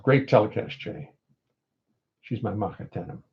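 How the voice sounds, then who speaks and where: Speaking a bit slowly in an animated, mid-range voice, an older man runs a home livestream where he rambles casually and reads out viewer comments with a wry edge. His computer audio input gives the stream a dull, lo-fi sound.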